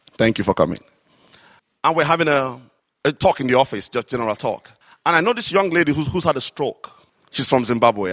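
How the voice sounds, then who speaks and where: A man preaching a sermon, telling stories with animated, drawn-out emphasis on key phrases. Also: mid-range voice, dry recording, clean studio sound. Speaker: works alongside a psychiatrist in an office.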